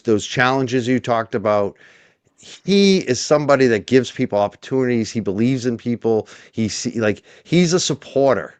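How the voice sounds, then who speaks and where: A man's voice: lowish voice, no room sound. Dry-sounding man telling stories animatedly. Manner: animated, storytelling. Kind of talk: casual livestream chat.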